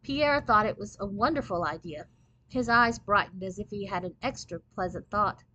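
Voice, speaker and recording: A woman reading a children's book aloud in clear, steady storybook narration. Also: mid-range voice, moderate pace, no room sound, muffled recording.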